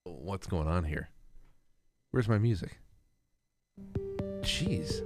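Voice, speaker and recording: A man's voice: low voice, animated, drawn-out words, a little mellow, faint music behind. A man hosting a podcast, rambling in casual comedic chat and often breaking into laughter. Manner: rambling, laughing, self-interrupting. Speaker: podcast host.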